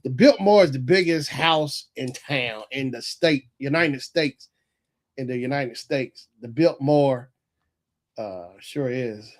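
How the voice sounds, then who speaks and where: A man from North Carolina, hosting a casual live stream in a relaxed, rambling way and often chuckling as he reads chat aloud. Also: medium pitch, slow. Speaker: livestream host reading chat.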